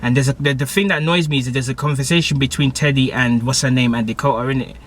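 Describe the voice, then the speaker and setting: A man's voice: medium pitch, steady tone, fast talker, a bit bright. A young man, recapping a TV episode in casual, rambling slang. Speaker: TV episode reviewer.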